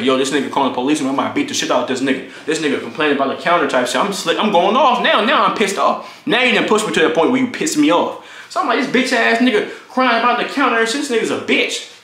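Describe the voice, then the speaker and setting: A young man rattles through a storytime vlog at a fast clip, voice sitting a bit high for a man. He is animated and profane, acting out each quoted line. The sound is roomy and echoey. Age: young adult. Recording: echoey room.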